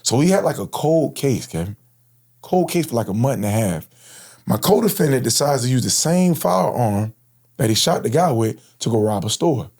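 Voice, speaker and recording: Man in his 30s, Florida guest; relaxed, slangy storyteller, earnest, mid-pitched voice. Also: normal speed. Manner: casual, slangy, earnest, frequent "bro". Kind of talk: personal storytelling in interview.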